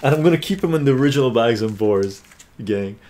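Brisk and medium-pitched, a streamer runs a points auction on his casual live stream with the energy of an excited auctioneer. He reads viewers' comments aloud and chats with them cheerfully.

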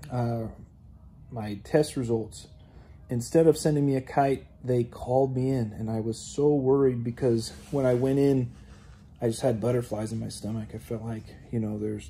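A man with a very dark, mellow voice and a husky grain, telling his faith testimony. He speaks earnestly and haltingly, often pausing on "you know". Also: mid-range voice.

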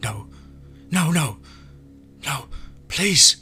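A man voicing a menacing woman villain full of stolen power, crooning and booming slowly with a faint echo on her voice. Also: lively intonation, sharp tone, soft background music, full character voice. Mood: pleading terror. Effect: slight echo on voice. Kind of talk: horror story reading.

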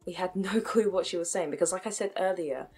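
A woman's voice: lowish voice, brisk, darkish tone, breathy edge, faint music behind. A woman, talking frankly to camera in a chatty, self-mocking way. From United Kingdom. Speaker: vlogger. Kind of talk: casual commentary to camera.

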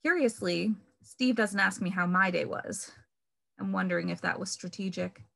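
A woman reading aloud from her own novel in progress, measured and wry, leaning on key words for emphasis. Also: mid-range voice, gravelly, bright, forceful tone.

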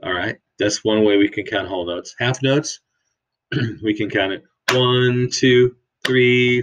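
A man's voice: mid-range voice, slow, background noise. A man teaching second graders about note durations in a video lesson, upbeat and chanting the rhythm counts aloud. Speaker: music teacher.

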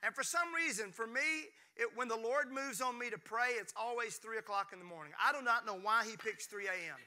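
A Mississippi pastor in his 50s preaches a lively sermon full of jokes, playful asides, and call-and-response with his congregation. He speaks fairly quickly in a very high voice.

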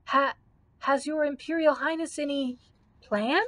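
A woman's voice: sits high, fairly even intonation, a little slow, fairly bright tone, voice pushed up. A woman voicing a frightened but loyal male servant who gulps and chokes out his words. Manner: nervous, gulping.

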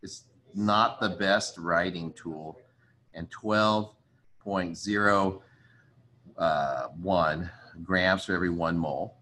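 A man with a fairly low voice gives a relaxed chemistry lecture. He thinks aloud as he works through problems and apologizes often. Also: slow. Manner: chatty, apologetic, thinks aloud while writing. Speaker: chemistry teacher. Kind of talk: casual recorded lecture.

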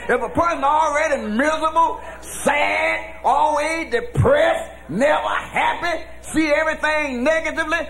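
A man preaching a sermon as pastor, shouting in a folksy preaching cadence. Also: very high voice, creaky, background noise. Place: church with congregation.

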